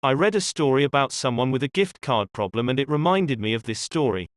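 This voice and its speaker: A man in mid pitch narrates written stories as the channel host, with an even, read-aloud delivery. The sound is dry and close, with no room around it, and there is nothing else heard behind him. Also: fairly quick, dry recording. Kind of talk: scripted narration.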